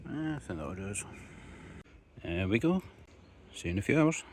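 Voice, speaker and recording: A man's voice: fairly low pitch, very animated, moderate pace, slight background noise. A Scottish man narrating his home cooking in a laid-back, casual way, with frequent fillers and swearing. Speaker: home cook and channel host.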